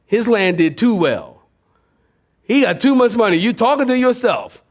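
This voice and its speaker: Older pastor preaching with folksy energy. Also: male voice, sits high, normal speed. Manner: animated preaching with audience call-outs; folksy, conversational. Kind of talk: sermon.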